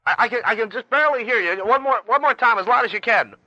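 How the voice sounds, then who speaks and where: A radio DJ man taking a phone call, flustered and quick-talking, growing testy along the way. His voice is high and tense, and it sounds dry and close. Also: bright, forceful tone, no echo. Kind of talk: casual phone chat.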